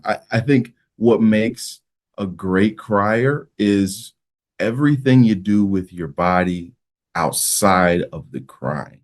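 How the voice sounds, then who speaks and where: A man's voice: on the low side, darkish tone. A man, a mock trial coach, speaking as a podcast guest and giving earnest, practical coaching advice. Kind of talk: casual podcast interview.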